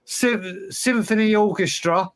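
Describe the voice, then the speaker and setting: A man's voice: sits high, takes it slowly, a bit bright, dry recording. A man co-hosting a casual podcast, rambling through an anecdote. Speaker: podcast co-host. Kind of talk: casual banter.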